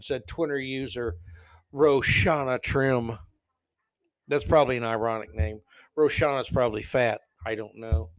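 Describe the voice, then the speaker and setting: A man's voice: mid-range voice, fairly even intonation, a little slow, no room sound. A man hosting a solo podcast, reading news stories aloud and mocking them with sarcastic asides. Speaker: podcast host.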